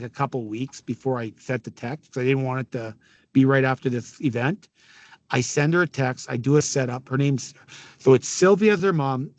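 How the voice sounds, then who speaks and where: A man's voice: on the high side, no echo. A middle-aged man from Canada, a podcast guest telling a long story in a casual way, swearing freely and acting out what people said. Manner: animated, profane, quotes people in dialogue.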